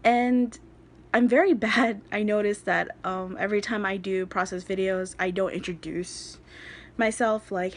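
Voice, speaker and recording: A young woman in a chatty, rambling self-introduction, recorded on a phone. She speaks at an ordinary pitch for a woman and drifts into tangents with small laughs along the way. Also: normal speed. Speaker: craft vlogger.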